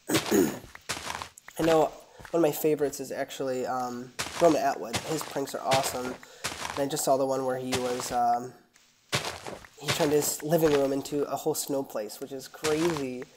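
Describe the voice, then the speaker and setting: A woman's voice: a bass voice, unhurried, pauses often, noisy background. A woman giving casual, rambling gameplay commentary and chatting with her viewers as she plays. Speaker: gaming channel host.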